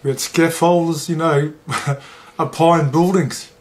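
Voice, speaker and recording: In an interview, a former rugby league player from New Zealand, now middle-aged, shares stories in an unhurried, slightly high voice with fairly even intonation. His manner is blunt, he curses freely, and he performs the dialogue himself.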